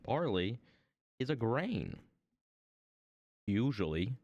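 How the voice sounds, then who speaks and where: Playful male streamer, lowish voice, slow rambling chat, dry home sound. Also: sing-song, no echo. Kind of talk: casual chat while woodcarving.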